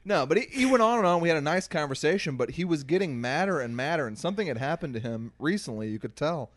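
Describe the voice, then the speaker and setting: A young man co-hosting a podcast, telling stories in casual, animated chat. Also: on the high side, dry recording. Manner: animated storyteller, quick asides. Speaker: podcast co-host.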